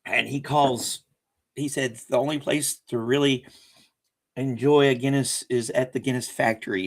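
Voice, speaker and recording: Gravelly Southern man chatting live. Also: medium pitch, steady tone, measured pace. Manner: rambling, chuckling, self-correcting. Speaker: livestream host. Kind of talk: casual live chat.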